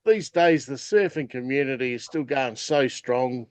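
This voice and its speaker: A man's voice: mid-range voice, a little slow, no echo. A man with an Australian accent chatting casually as a podcast co-host, rambling with lots of fillers. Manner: rambling, full of "you know" fillers. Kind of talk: casual chat.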